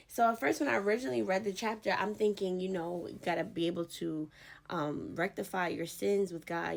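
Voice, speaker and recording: A woman host giving a casual devotional talk, retelling scripture in chatty, slang-filled storytelling. Her voice sits low and carries a gravelly fry. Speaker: podcast host.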